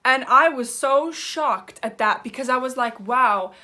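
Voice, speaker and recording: A young YouTuber talks straight to camera in a chatty, emphatic vlog style, giving advice with slang and casual swearing. Her voice sits high, a little slow, and sounds pushed and bright.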